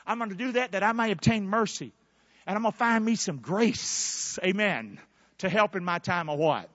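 A man preaches with a high, bright, swooping voice that leaps up into loud bursts and then stretches words out slowly. He keeps calling on his congregation to answer him back. The sound is dry and a little dull, as on a modest lo-fi recording. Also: expressive, no echo. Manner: preaching with sudden loud bursts and drawn-out emphasis. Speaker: pastor. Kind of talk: fiery sermon with call-and-response.

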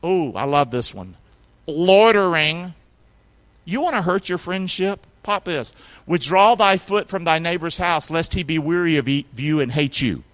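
A man preaching a sermon as a pastor, with emphatic call-and-response and sudden shouted lines for emphasis. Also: fairly high pitch, animated, measured pace. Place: church sanctuary.

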